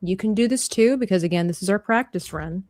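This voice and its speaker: A woman hosts a casual coloring tutorial with a middle-pitched voice. She chats freely and breaks into laughter often. The sound is close and dry, with no room around it. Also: brisk, a little mellow, no echo. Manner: chatty, playful, laughs often. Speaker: livestream host and art teacher.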